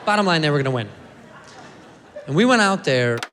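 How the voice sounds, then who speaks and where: A man in his thirties performs a stand-up set, telling his story in an animated way. His voice carries the long reverb of a large room. A faint ambient murmur sits underneath. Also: a little high, a little fast, a little hiss or hum. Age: 30s. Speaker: stand-up comedian.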